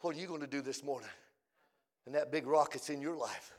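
A man preaching a fiery revival sermon, swinging between shouted lines and hushed, low, drawn-out phrases.

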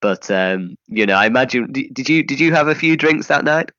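A man's voice: mid-range voice, lively intonation, brisk, sharp tone, no echo, muffled recording. A man hosting a podcast in casual chat, rambling with frequent restarts. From England. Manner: chatty, rambling with many restarts. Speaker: podcast host.

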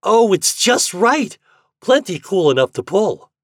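A man's voice: high voice, sing-song, normal speed, no echo, clean studio sound, pitched above the performer's own voice. A man voicing a plump, joking young boy who teases and whines in play. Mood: excited.

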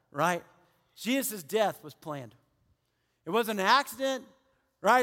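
A man preaching a sermon with animated delivery, acting out quoted people and dropping to hushed tones. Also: high-pitched, unhurried, long pauses. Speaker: pastor. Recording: long hall reverb.

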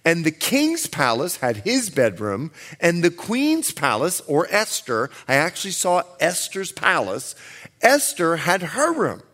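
A man who is a pastor preaching a sermon at a church service, animated and playful, acting out the scenes. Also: fairly high pitch, measured pace.

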